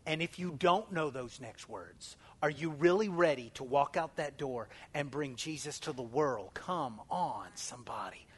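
A man with a notably high voice delivers a sermon from the pulpit. He preaches with emphatic force and calls for answers from his listeners. He drops to a hush and then rises again to loud declarations. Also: moderate pace, few pauses, breathy edge. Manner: emphatic call-and-response preaching, swinging from loud to hushed. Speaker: pastor.

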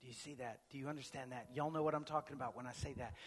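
A man's voice: fairly even intonation, rapid-fire. Dynamic male pastor preaching in a reverberant hall. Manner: swings from booming emphatic proclamation to hushed near-whispers. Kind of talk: sermon. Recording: long reverb of a large hall.

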